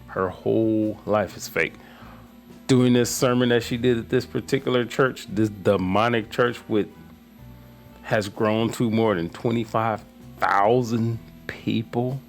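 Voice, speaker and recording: A man hosting political commentary, ranting with scorn and swinging between low mutters and loud outbursts.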